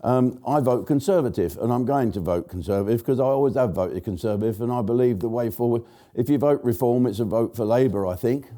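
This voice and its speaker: An older man rants bluntly through a jokey political monologue, mocking and laughing at his own quips. His voice sits dark and mellow at an ordinary pitch. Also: brisk. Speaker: show host. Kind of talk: casual political comedy monologue.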